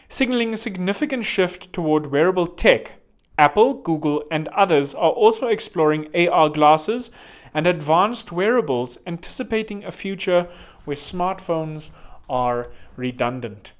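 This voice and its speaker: A male podcast host whose voice sits a little higher than most men's. He rambles through a casual monologue, chatty and loose, dropping joking asides as he goes. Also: expressive, a little slow.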